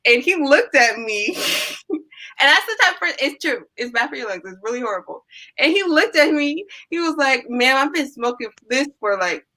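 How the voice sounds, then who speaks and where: Animated young woman telling stories. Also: high voice, moderate pace, rough recording. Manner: animated storyteller, acts out quotes. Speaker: guest. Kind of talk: casual storytelling chat.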